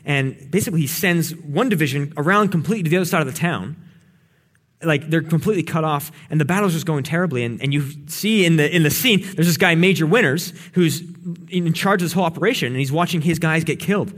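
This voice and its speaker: A man's voice: a little high, expressive, fairly quick, a bit bright. A young man preaching a casual, storytelling sermon to young adults, with lots of fillers and restarts as he builds toward a challenge. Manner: conversational, fillers and repeated words, builds to exhortation.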